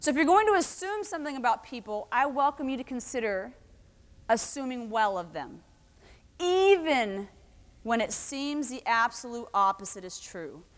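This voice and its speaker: A woman giving a lively motivational talk to a live audience, telling stories and asking the crowd questions. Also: on the high side, moderate pace. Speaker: keynote speaker. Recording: long hall reverb.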